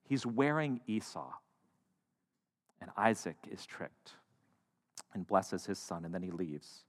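A man preaching a sermon, retelling a story with animated, joking asides. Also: deep voice, takes it slowly. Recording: echoey hall.

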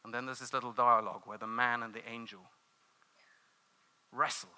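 A man's voice: mid-range voice, little pitch movement, normal speed, long pauses, bright, forceful tone, clean tone. A man preaching a sermon, earnest and emphatic, telling a story with dramatic flair and repeated phrases.

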